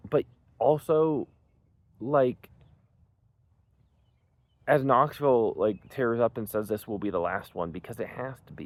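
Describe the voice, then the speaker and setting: A man's voice: on the low side, dry recording. A young man reviewing a movie in casual, rambling chat, full of "like" and "um" and swearing freely. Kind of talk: casual spoken film review.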